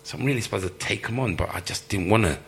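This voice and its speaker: A former footballer telling lively stories in an interview, laughing often and acting out the people he quotes. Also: lowish voice, racing, vocal fry. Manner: animated storyteller, laughs often, acts out quoted voices. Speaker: former professional footballer, guest. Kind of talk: live storytelling interview.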